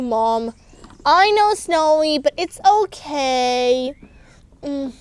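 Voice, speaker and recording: A woman playing with dolls and voicing every character in a playful, animated way, squealing on the rides. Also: high-pitched, slow, slight background noise. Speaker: doll play storyteller.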